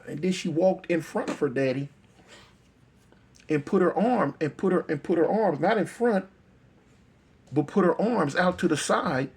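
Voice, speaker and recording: Brief: male storyteller, gravelly husky voice, talks plain and repeats for effect. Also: fairly high pitch. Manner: repetitive, conversational, emphatic. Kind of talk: oral street storytelling.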